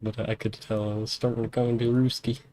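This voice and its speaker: A man's voice: lowish voice, little pitch movement, quick pace, dark tone, poor audio. A man live-streaming a political role-play game, speaking as a head of state who keeps calling the other player "my friend", then muttering to himself as he plays. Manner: shifts into a mock diplomat voice, repeats "my friend". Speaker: streamer playing Pakistan's leader.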